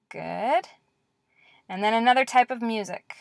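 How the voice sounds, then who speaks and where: Woman, language teacher, lecture-style lesson, slow clear drilling, patient, mid-pitched voice, dry close sound. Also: lively intonation, fairly bright tone, no echo. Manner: patient, encouraging.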